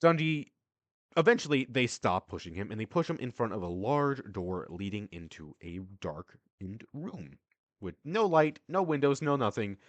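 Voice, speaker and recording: A man narrates as game master in a tabletop game. His delivery is loose and casual, with jokes at his own expense. His pitch moves lively and the sound is close and dry. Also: moderate pace, no room sound. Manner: loose, casual, self-deprecating.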